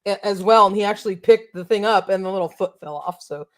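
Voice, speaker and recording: A woman's voice: medium pitch, fast talker. Chatty enthusiastic woman co-hosting. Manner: enthusiastic, chatty with many fillers. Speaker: co-host of toy show. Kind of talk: casual chat.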